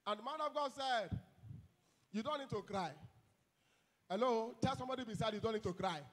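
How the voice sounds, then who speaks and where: A man preaching a fiery deliverance sermon as pastor, shouting commands and speaking in tongues. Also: very high-pitched, brisk, slight background noise.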